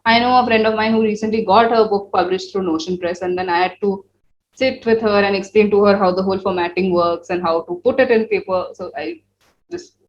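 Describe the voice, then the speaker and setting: A woman's voice: mid-range voice, fairly quick, muffled recording. A woman hosting a casual interview chat, chiming in with friendly encouraging remarks. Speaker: podcast host.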